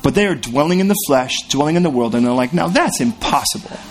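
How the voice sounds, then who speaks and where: A man's voice: medium pitch, animated, fast talker, faint music behind. A man preaching a sermon in a conversational, storytelling way, acting out the voices in his anecdotes. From California. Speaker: pastor.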